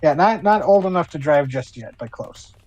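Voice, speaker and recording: A man's voice: fairly high pitch, expressive, moderate pace, darkish tone, no room sound, poor audio. Rambling man narrating a tabletop game. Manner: rambling, full of "you know" and "like". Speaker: player.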